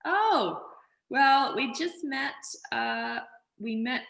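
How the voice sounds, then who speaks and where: Australian actress guest, bright and forceful voice, animated, echoey room. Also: female voice, high voice, drawn-out words, creaky. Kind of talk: casual interview chat.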